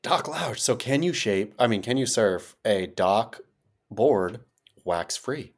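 American male co-host, low-pitched, playful rambler, pitch leaps when excited. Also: slow pace, husky. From United States. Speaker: podcast co-host. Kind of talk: casual chat.

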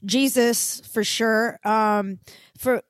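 A high, bright woman's voice, a guest comic in her thirties running through a stand-up bit. She's playful and breaks into laughter at her own punchlines, recorded close and dry with no room sound. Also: fairly even intonation, extremely slow, dry recording. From Florida. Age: 30s. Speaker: guest comedian. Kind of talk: stand-up set on a podcast.

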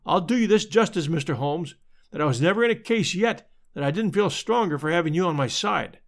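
A man's voice: fairly high pitch, animated. A man voicing an eager, boastful police detective in a storybook reading. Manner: eager, brisk.

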